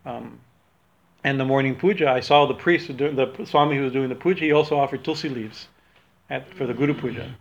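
This man has a gravelly, medium-pitched voice and talks a little fast. He's a religious teacher giving a casual talk that wanders, corrects itself, and breaks into laughter often, captured on a dull lo-fi recording.

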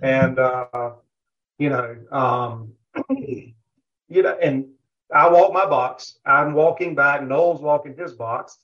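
A man's voice: medium pitch, slow pace, long pauses. A man, a guest on a barbecue podcast, telling a rambling story in a casual interview, full of fillers and asides. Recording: dull lo-fi audio.

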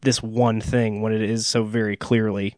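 A man's voice: on the low side, flat delivery, normal speed, a little mellow, no room sound. Guy cohosting a movie podcast, lots of uhs and restarts, dry close mic sound. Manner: rambling, many restarts and filler uhs. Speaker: podcast co-host. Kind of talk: casual movie discussion and show plugs.

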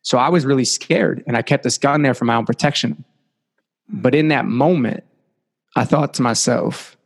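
A man's voice: mid-range voice, moderate pace, vocal fry, husky, long reverb tail. A young adult man, a podcast guest, telling a personal life story earnestly and often saying "like" and "you know".

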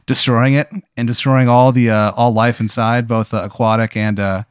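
A man's voice: mid-range voice, flat delivery, moderate pace, clean tone, no echo, studio quality. Man rambling through an absurd comic story. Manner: rambling, filler-heavy narration. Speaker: host.

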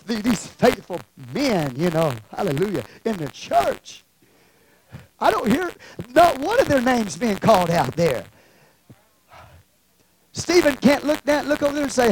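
Preacher, sermon delivery, animated pitch, emphatic swings from hush to shout. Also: measured pace, pauses often, dry recording, rough recording. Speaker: pastor.

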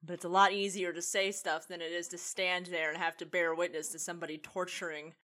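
A woman's voice: on the low side, flat delivery, fairly quick, fairly bright tone. A woman co-hosting a podcast in casual chat, blunt and opinionated, rambling through her points. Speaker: podcast co-host. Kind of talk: casual chat reviewing a TV episode.

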